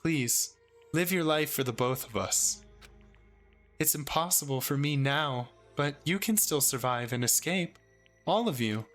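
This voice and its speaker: Brief: calm formal AI program, read by a man, slow and bright. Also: on the high side, soft background music. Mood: earnest. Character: polite helpful AI computer program.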